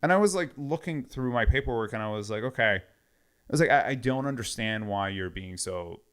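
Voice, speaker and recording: A man's voice: medium pitch, normal speed, clear, resonant tone. A man casually retelling a story with lots of quoted back-and-forth. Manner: animated retelling with many quoted exchanges.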